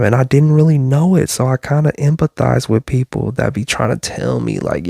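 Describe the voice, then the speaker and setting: Fired-up guy giving a pep talk, low gravelly voice, dry close mic, keeps saying y'all. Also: a little fast, few pauses, no echo. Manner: energetic, repetitive, addresses listeners as y'all. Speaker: motivational speaker. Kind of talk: casual motivational talk.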